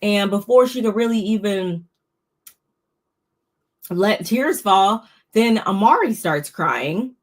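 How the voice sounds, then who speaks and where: A woman's voice: medium pitch, lively intonation, slow, long pauses. Woman, casual recap host, chatty, opinionated, frequent restarts.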